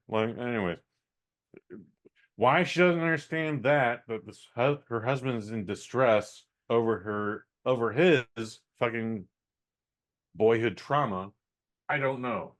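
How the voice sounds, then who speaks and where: A man holding forth on a comedy podcast, venting through a movie recap with plenty of swearing and exasperation. His voice sits at an ordinary middle pitch for a man, and he rambles from one complaint to the next. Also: measured pace. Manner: profane, rambling, exasperated storytelling. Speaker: podcast co-host reviewing a movie. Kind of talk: casual comedic movie review.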